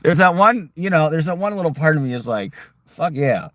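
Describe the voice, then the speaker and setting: Lively-voiced man chatting on a livestream. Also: a little high, quick pace, dry recording. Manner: rambling, reads chat aloud, talks to his dog. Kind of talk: casual livestream chat. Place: outdoors and in a car on a road trip.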